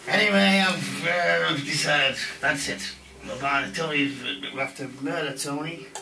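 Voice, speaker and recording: A man's voice: a little high, normal speed, vocal fry, background noise. A man performing in an amateur puppet show, playful and hammy, heckling and joking. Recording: echoey room, far from mic, loud ambience.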